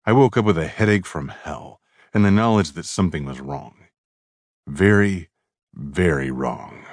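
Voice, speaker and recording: A man's voice: low voice, a little slow, no echo. A man narrating a novel in the first person with a dry, sardonic manner. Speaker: audiobook narrator.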